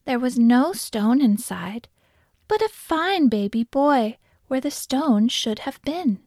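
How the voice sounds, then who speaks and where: A woman narrating a children's folk tale in a gentle, expressive storybook reading. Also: high voice, slow pace, dry recording, studio quality.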